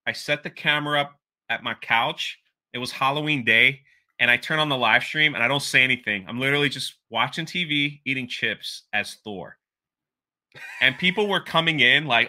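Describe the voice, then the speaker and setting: A young man telling a story as a guest in a casual interview, animated and laughing, with plenty of filler words. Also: medium pitch, moderate pace.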